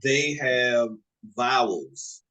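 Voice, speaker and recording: A man's voice: medium pitch, animated, extremely slow, sharp tone, poor audio. A man teaching an informal language lesson in a casual, loose way, with fillers.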